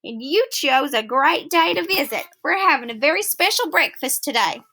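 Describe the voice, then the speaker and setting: A woman's voice: high-pitched, animated, moderate pace, pushed and bright, exaggerated voice. A woman voicing a motherly woman who fusses over a child and scolds her teasing father. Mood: gentle. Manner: fussing, scolding then coaxing. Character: motherly woman, fussing and caring.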